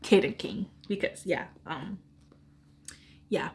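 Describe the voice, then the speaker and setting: A woman's voice: fairly low pitch, slow pace, creaky, a little mellow. Rambling, giggly woman book vlogger. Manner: rambling, self-deprecating, giggly. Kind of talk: casual chat.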